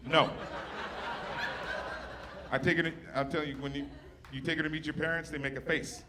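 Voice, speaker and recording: A man's voice: a little high, flat delivery, moderate pace, background noise. A man doing a stand-up set, teasing the audience with brash, profane crowd work. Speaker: stand-up comedian. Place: stage before a live audience. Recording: live show with loud audience laughter.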